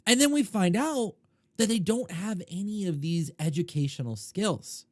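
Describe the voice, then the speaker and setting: Podcast host, middle-aged man, lively storyteller, slightly high voice, dry close sound. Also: moderate pace, no echo. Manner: animated, conversational, swings loud and quiet. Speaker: podcast host, poker coach. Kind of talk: casual storytelling monologue.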